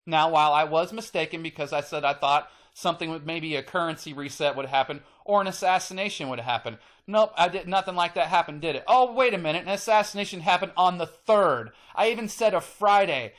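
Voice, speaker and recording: High-voiced guy on his channel, ranting, repeats himself a lot, swears, gets all worked up. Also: fairly bright tone. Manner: emphatic, repetitive, gets worked up; swears casually. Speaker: channel host. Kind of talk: ranting monologue to camera.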